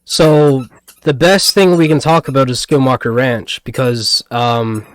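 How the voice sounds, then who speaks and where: A man's voice: mid-range voice, steady tone, a little slow, dry recording, clean studio sound. A man co-hosting a casual podcast, rambling and hesitant with lots of fillers and restarts. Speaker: podcast co-host.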